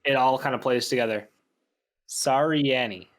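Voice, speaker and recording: Casting: male sports co-host with a mid-range voice, calm and opinionated in loose run-on talk. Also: medium pitch, normal speed, a little hiss or hum. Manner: steady, explaining opinions in long run-on sentences. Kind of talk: casual sports chat.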